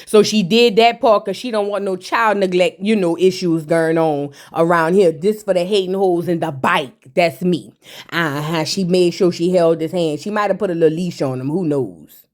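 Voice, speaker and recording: A woman's voice: lowish voice, normal speed, darkish tone. A woman recapping a reality show in casual, slangy talk, teasing her viewers with sassy asides.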